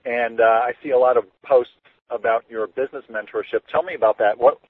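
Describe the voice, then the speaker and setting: A man's voice: mid-range voice, fairly quick, breathy edge, dry recording. A man co-hosting a podcast, introducing a guest in a loose, upbeat way with many fillers. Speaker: podcast co-host. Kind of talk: casual podcast interview. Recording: tinny phone-like audio.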